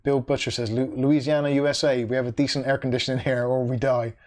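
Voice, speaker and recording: Male streamer, mid-pitched, casual and chatty, reads chat and hums between comments. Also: flat delivery, quick pace, a little mellow. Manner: reads viewer comments aloud, then reacts with dry asides. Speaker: livestream host reading viewer chat.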